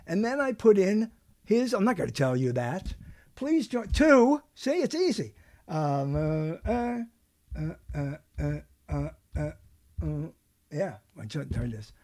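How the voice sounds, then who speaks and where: A man's voice: high-pitched, big pitch swings, unhurried, a little mellow, dry recording, studio quality. A man hosting a talk show, chatting casually in a rambling, joking way with lots of fillers and restarts.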